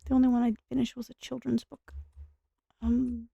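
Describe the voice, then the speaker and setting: A tired woman giving soft-spoken, rambling commentary while she plays a game, with self-deprecating asides. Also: fairly high pitch, completely flat delivery, moderate pace, creaky, husky, no room sound, lo-fi sound. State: tired, speaking softer and lower. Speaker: gaming streamer. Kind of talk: casual gameplay commentary.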